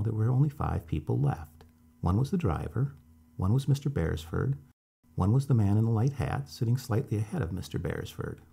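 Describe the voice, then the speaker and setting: A man narrating a short story in a measured, suspenseful reading style. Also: on the low side, vocal fry, warm tone, breathy edge.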